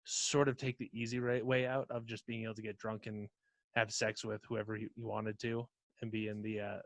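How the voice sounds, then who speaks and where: A man's voice: lowish voice, little pitch movement, brisk. A man co-hosting a comedy podcast in casual, rambling, profane chat. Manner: laid-back, profane, rambling. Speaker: podcast co-host.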